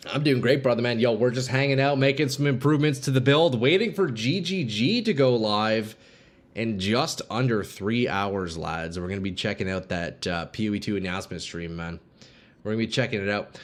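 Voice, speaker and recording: A man streaming a game live, chatting casually with viewers and reading their messages aloud, with sudden bursts of hype, on a desk microphone at his home gaming setup. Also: medium pitch. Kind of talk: live-stream commentary while playing.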